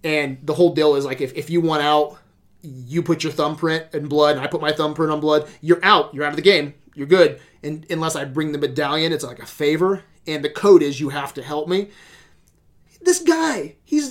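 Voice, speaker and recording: A man's voice: on the high side, moderate pace. A man ranting about movies on a casual podcast, swearing a lot and sounding exasperated. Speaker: podcast host reviewing movies. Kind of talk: casual profane movie rant.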